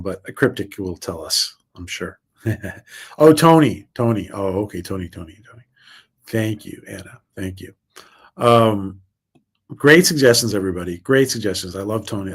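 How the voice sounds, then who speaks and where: A man hosting a casual livestream, chatting with viewers and reading their comments in a rambling, upbeat way with frequent restarts. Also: mid-range voice. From United States. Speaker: livestream host.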